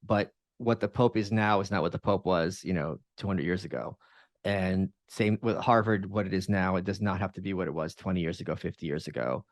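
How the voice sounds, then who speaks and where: A man talking in a casual conversation, emphatic, with quick asides and restarts. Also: low-pitched, no room sound, studio quality.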